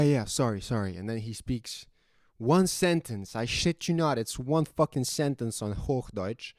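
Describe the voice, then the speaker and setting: A young man from Serbia with a Serbian accent, telling a story casually, animated and swearing freely. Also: medium pitch, dry recording, studio quality. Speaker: vlogger.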